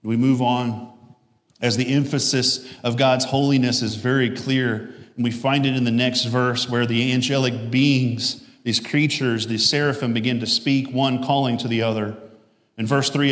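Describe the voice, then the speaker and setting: A man's voice: mid-range voice, fairly even intonation, moderate pace. A male pastor giving a conversational sermon with jokes, asides and self-corrections. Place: church sanctuary. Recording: echoey church hall.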